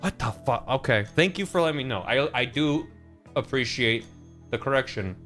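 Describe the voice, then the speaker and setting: A man's voice: medium pitch, expressive, moderate pace, fairly bright tone, soft background music. A man streaming a video game, chatting casually and animatedly, swearing often and mocking himself.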